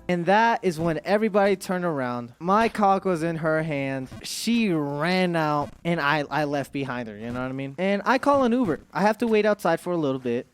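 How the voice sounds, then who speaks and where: A young man tells a crude story to his chat in a rambling way, stumbling over his words and restarting. His pitch swings widely from low mutters to high outbursts. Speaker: streamer telling a story. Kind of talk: storytime vlog.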